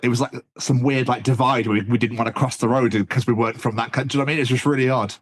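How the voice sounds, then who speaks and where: A man's voice: mid-range voice, fairly even intonation, rapid-fire. A man with an English accent chatting casually as a podcast guest, rambling and tossing in "man" often. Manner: rambling, laughs often, says "man" a lot.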